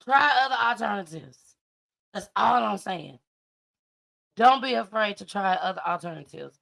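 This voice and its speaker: A woman's voice: medium pitch, animated, normal speed, vocal fry, fairly bright tone. A woman hosting a commentary show, reacting to news clips with emphatic, repetitive advice to parents. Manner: emphatic, preachy, repeats her points. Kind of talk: casual commentary.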